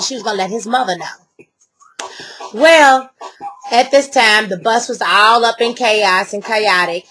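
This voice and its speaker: A woman's voice: a little high, fairly bright tone, a little hiss or hum, low-quality recording. A middle-aged woman ranting to camera, heated and blunt, with a lot of swearing. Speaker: vlogger.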